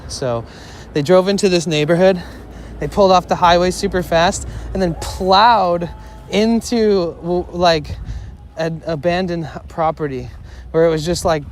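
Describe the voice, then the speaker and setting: A young man streaming live, telling a story in a rambling, casual way, full of "like" fillers, swearing and short laughs. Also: on the high side. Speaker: IRL streamer. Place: outdoors in a city. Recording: outdoor street noise.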